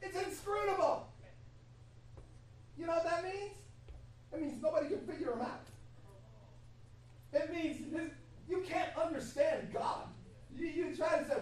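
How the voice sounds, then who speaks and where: A woman preaching a sermon in an animated, laughing way. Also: very high voice, normal speed, pauses often. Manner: animated, laughing, acts out God's voice. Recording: echoey hall from far off, faint hum.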